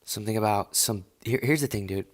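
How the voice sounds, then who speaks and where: A man's voice: fairly low pitch, brisk. Profane, dismissive male streamer ranting. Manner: profane, dismissive, rambling with restarts. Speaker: live streamer. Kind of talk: casual rant on a live stream. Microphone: earphones with mic.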